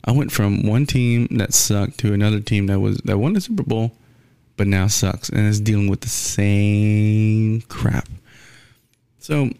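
A man giving a blunt, profane, rambling sports rant in casual talk, full of restarts. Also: dry recording. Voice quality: gravelly, low.

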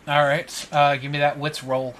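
A man narrating as game master of a tabletop role-play, pausing often with ums and uhs. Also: fairly high pitch, level tone, a bit bright, a little hiss or hum. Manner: halting, many ums and uhs.

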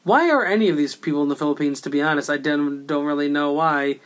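Male co-host, higher voice, casual joking film talk with some swearing. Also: quick pace. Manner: loose, joking, swears, does silly voices. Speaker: podcast co-host reviewing a film. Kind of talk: casual chat.

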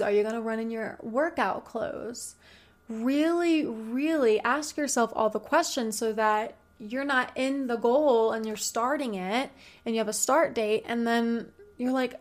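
A woman talking casually through goal-setting advice, speaking straight to the listener and piling up rhetorical questions. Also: fairly high pitch. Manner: chatty, addresses listener directly with many rhetorical questions.

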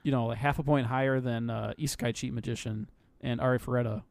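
A man's voice: mid-range voice, fairly even intonation, fast, creaky, darkish tone, dry recording. A man co-hosting a casual anime review chat, jokey and laughing often. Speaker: podcast co-host.

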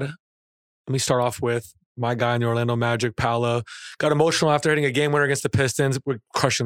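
A man co-hosting a casual sports podcast, steering the talk with upbeat questions. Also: medium pitch. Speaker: podcast co-host.

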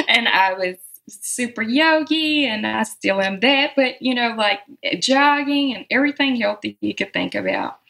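A woman's voice: on the high side, lively intonation, a little slow, vocal fry, fairly bright tone. A woman from the South, a musician talking about her life in a heartfelt, reflective interview and laughing often. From Southern United States. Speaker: musician guest.

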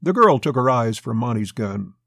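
A man reads an old pulp crime story in a steady, gravelly, husky voice. The sound is close and dry, with no room around it. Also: mid-range voice, normal speed, no echo. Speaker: narrator.

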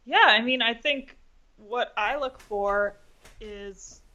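A woman co-hosting a casual investing podcast, her voice bright and forceful. She is eager and quick to jump in with her own take. The recording sounds dull and lo-fi. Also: a little high. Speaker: podcast co-host.

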